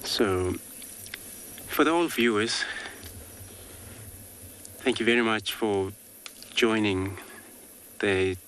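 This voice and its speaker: A man's voice: on the low side, extremely slow, long pauses, slight background noise. A man working as a safari guide, giving live wildlife commentary outdoors in a loose, easygoing way full of filler words. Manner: relaxed, many filler words.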